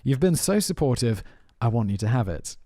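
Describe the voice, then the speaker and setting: A man's voice: mid-range voice, a little fast, no room sound, clean studio sound. A man hosting a podcast, casually telling prank stories and often trailing off mid-thought. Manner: animated storyteller who trails off mid-thought. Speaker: podcast host. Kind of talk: casual chat.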